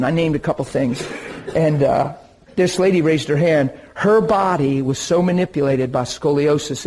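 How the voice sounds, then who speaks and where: A man preaching, telling a story from his ministry in an animated way with bursts of excitement. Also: high voice, rough recording. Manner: animated, laughs and bursts into excitement while recounting. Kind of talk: sermon storytelling.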